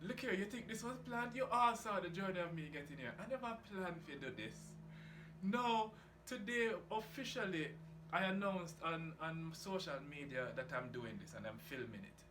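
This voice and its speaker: A man's voice: sits high, lively intonation, moderate pace. Laid-back man in an echoey room. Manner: laid-back, swearing, drifting off topic. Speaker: reef tank hobbyist vlogger. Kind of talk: rambling casual monologue. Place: home room by an aquarium, door open to outside. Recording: echoey room with outdoor noise. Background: geese and outdoor ambience.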